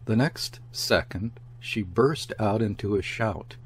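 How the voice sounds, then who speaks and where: A man narrating a classic story as an audiobook reader, in a measured, unhurried way. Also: fairly low pitch, slight background noise. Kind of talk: scripted literary narration.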